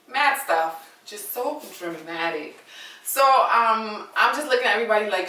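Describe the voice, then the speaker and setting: A woman's voice: mid-range voice, normal speed, sharp tone, roomy sound, distant mic, slight background noise, rough recording. A young adult woman telling a story in a casual, dramatic way and talking straight to her viewers. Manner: chatty, dramatic, addresses viewers as y'all.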